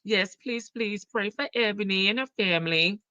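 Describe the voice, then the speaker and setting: A woman's voice: medium pitch, moderate pace, pushed and bright, lo-fi sound. A woman hosting a livestream, chatting casually, greeting viewers by name and laughing often. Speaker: livestream host. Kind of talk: casual chat reading out live comments.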